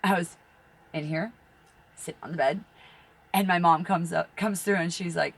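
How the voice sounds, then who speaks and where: A woman's voice: lowish voice, normal speed, vocal fry, long pauses, fairly bright tone, slight background noise. A middle-aged woman who reads tarot, talking in a rambling, blunt, profane monologue and laughing through her stories. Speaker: tarot reader.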